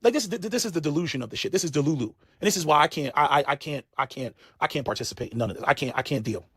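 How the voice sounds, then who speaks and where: A man's voice: fairly high pitch, animated, racing, a bit bright, breathy edge, no echo, studio quality. A man hosting a show, delivering a heated, profane commentary rant, stumbling over repeated words and climbing into bursts of disbelief. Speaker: host.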